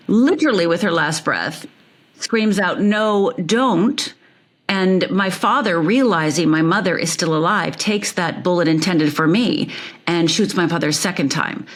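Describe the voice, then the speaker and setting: A woman from Upper Michigan telling her life story as an interview guest, vivid and emphatic, repeating phrases for effect. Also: fairly low pitch.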